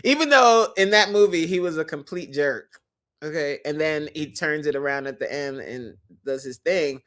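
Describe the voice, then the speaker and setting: A woman hosting a casual livestream chat, animated and teasing, who laughs often and talks straight to her viewers. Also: low voice, normal speed. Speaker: host.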